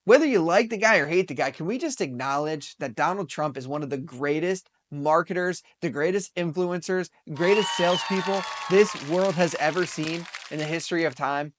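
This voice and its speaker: A man's voice: fairly high pitch, moderate pace, hardly any pauses, slight background noise. Upbeat man in his thirties. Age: 30s. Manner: excitable and upbeat, laughs often. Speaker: podcast host. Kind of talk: casual opinion talk show.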